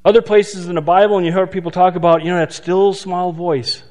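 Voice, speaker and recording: A man preaching a sermon in a conversational way, asking rhetorical questions and slowing down for emphasis. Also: high voice, little pitch movement, a little mellow. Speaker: pastor. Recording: long hall reverb.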